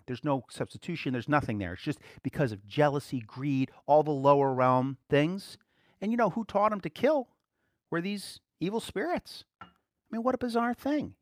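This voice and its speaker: A man's voice: a little high, dry recording. A man preaching a casual, conversational sermon, chuckling now and then and acting out quoted voices.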